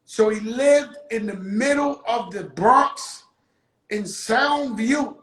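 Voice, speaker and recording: A man spins a loose, profane story as a show host, now and then breaking into a shout. His voice sits high for a man, and the room around him rings with echo. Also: slow pace. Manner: animated, profane street storytelling with bursts of shouting. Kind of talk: casual storytelling monologue. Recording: roomy echo.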